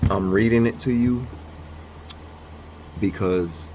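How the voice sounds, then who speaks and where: A man with a lowish voice talks slowly, rambling and restarting his sentences as he tells a story. He also reads a devotional aloud in an unhurried way. A faint hum of air conditioning sits behind him indoors. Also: darkish tone. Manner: rambling, halting, fillers and restarts. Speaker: vlogger. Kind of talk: casual storytelling.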